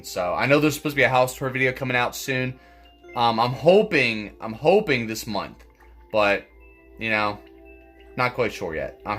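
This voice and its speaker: A man's voice: medium pitch, a bit bright. A man commentating his own gameplay, swearing often and stammering through restarts. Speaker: gaming channel host. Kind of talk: let's play commentary.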